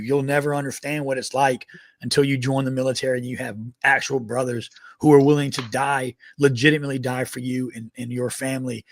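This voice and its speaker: A man's voice: medium pitch, dry recording. A man in his thirties, an army veteran co-hosting a podcast, telling stories casually with lots of swearing and laughter. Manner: profane, laughing, animated anecdotes. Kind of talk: casual storytelling.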